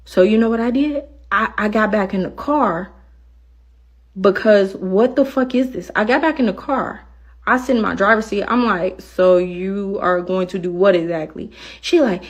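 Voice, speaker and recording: A woman's voice: mid-range voice, moderate pace. A woman who drives for a rideshare service, indignantly telling a story to camera and acting out both sides of an argument.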